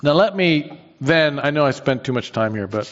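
A man's voice: on the high side, animated, normal speed. Man, Bible study teacher, conversational, self-correcting, quizzes the class, long hall reverb, muffled lo-fi sound. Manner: thinks aloud with frequent restarts, asks the class questions. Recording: dull lo-fi recording in a reverberant hall.

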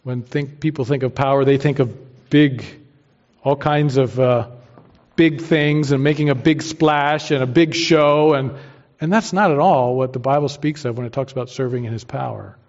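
A man's voice: mid-range voice, normal speed, darkish tone. A man preaching a sermon as pastor, emphatic and using homely everyday analogies. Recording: dull lo-fi sermon recording.

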